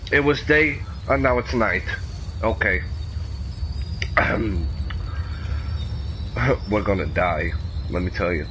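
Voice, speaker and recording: A man commentating while playing a horror game, cursing freely and reacting loudly. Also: fairly low pitch, takes it slowly, long pauses, a little hiss or hum, poor audio. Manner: profane, animated, reacts loudly. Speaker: gameplay commentator. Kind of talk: let's play commentary.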